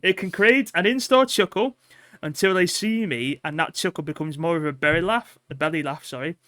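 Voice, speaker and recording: A man in his sixties, co-hosting a comedy podcast, talks in casual banter with a dry, self-mocking manner and sometimes drops into a low mutter. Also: fairly quick, a bit bright, no echo. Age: 60s. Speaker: podcast co-host.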